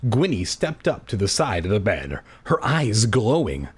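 Young man, casual reading aloud, husky, lively pitch, jokey asides. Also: unhurried. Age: young adult. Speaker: reader of books aloud.

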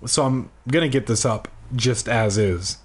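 A man's voice: mid-range voice, measured pace, husky. A young man reading a children's horror storybook aloud in a casual, irreverent way, ad-libbing crude jokes. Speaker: storybook reader.

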